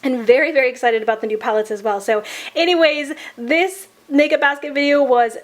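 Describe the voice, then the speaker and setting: A woman with a sick-sounding voice, chatting in a casual makeup review vlog in a gushing, soft-spoken way. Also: high-pitched, fairly quick. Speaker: beauty vlogger.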